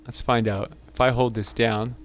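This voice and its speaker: A man's voice: medium pitch, little pitch movement, moderate pace. A man hosting a gaming channel, giving casual gameplay commentary in an amused, chatty way and laughing often.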